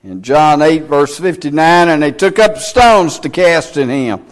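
A man preaching a sermon, reading scripture in old King James wording with slow, deliberate emphasis. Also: on the high side, expressive. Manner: reads scripture aloud in King James English.

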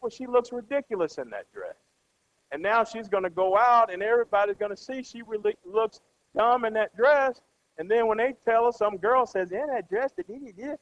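Preacher, male, high-pitched, chatty delivery with acted-out voices; muffled lo-fi recording. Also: expressive, moderate pace, fairly bright tone. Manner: conversational, keeps asking the congregation "right?"; acts out everyday characters with a changed voice. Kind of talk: sermon. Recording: dull lo-fi sound.

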